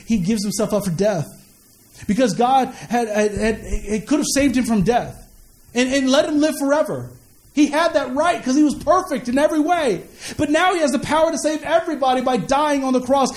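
A man's voice: extremely high pitch, a little mellow. A man preaching a sermon in a conversational way, repeating words and asking the listeners questions. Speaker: pastor.

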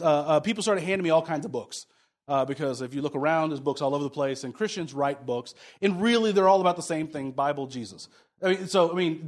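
A man preaching a sermon in a conversational way, repeating key phrases for emphasis and dropping into quiet asides. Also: on the high side. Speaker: pastor.

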